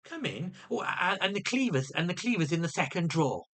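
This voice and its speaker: A man's voice: sits high, lively intonation, fast talker, fairly bright tone. A man venting to camera in an agitated monologue, often restarting and repeating his words. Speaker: vlogger.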